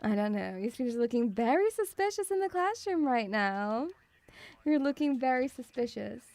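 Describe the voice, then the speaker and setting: A woman's voice: a little high, lively intonation, moderate pace, darkish tone. A young British woman streaming live as a playful, mock-stern teacher who teases her audience. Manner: teasing, mock-stern, calls the audience "sweetie".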